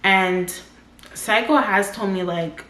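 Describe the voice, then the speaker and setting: A woman's voice: mid-range voice, slow pace, a bit bright. A woman in her twenties telling a personal story as a casual storytime vlogger, talking in loose run-on sentences full of "like". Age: 20s. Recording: roomy echo.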